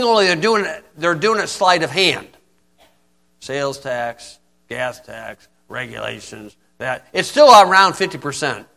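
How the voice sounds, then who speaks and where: A man's voice: high voice, creaky, pushed and bright. A man preaching an informal sermon in a folksy, blunt way, often asking "okay?".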